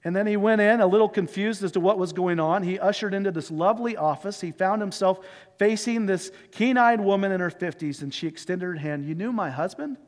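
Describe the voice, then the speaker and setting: A male pastor delivers an earnest, emotive sermon story and then a heartfelt prayer. His voice sits high for a man. It rings with the long reverb of a church sanctuary. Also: a little fast. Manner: earnest, emotive retelling with shifting pace.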